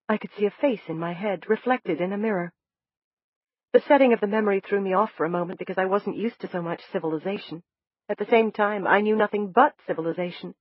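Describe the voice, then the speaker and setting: A woman reads a novel aloud in the first person, measured and descriptive. Her voice sits in a middle range. The recording is dull and dry, with no room sound. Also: mid-range voice, no room sound. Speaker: audiobook narrator. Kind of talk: first-person scripted narration.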